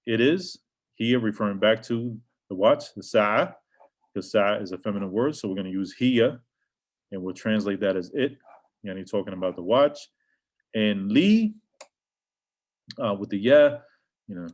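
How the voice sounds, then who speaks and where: Guy teaching an arabic lesson, kinda low voice, repeats stuff, reads examples then translates. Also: a little mellow. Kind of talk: casual grammar lesson explaining textbook examples.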